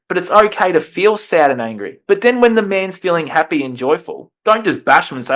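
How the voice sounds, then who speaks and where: Male podcast guest and coach, a touch high-pitched, impassioned, restarts his phrases. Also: lively intonation, brisk, few pauses, fairly bright tone. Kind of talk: earnest conversational interview.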